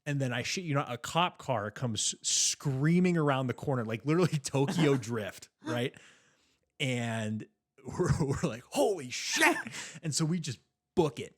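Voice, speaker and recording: Animated young man telling a story. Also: mid-range voice, measured pace. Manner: animated storyteller, swears freely, acts out quoted voices. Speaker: podcast co-host. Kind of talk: casual storytelling chat.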